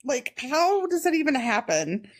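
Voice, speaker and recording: Woman, podcast co-host, high breathy voice, slow expressive talk. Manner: exclaiming, incredulous and expressive. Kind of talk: casual chat.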